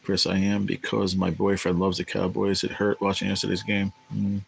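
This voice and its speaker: A man's voice: deep voice, completely flat delivery, moderate pace, vocal fry, breathy edge, rough recording. A man hosting a casual livestream, rambling and swearing as he answers viewers in the chat. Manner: rambling, profane, chatty with viewers. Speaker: livestream host reading chat.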